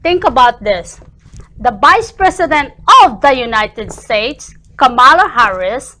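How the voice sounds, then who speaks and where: Indignant high-voiced woman ranting. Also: animated, unhurried, pushed and bright. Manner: passionate, indignant, repetitive. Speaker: talk show guest. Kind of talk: heated political opinion.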